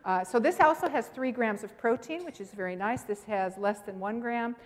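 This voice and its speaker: A woman's voice: a little high, moderate pace. Emphatic woman presenter in a hall. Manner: emphatic, animated, talks to the audience directly. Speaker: health seminar presenter. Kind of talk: lively teaching with personal stories.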